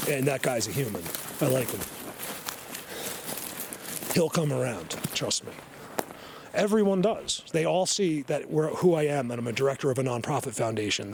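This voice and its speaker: A man's voice: mid-range voice, background noise. Rambling man vlogging in the woods. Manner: rambling, excitable, laughs often, drops to hushed tones. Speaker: vlogger, Bigfoot researcher. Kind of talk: casual hiking vlog. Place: snowy forest outdoors.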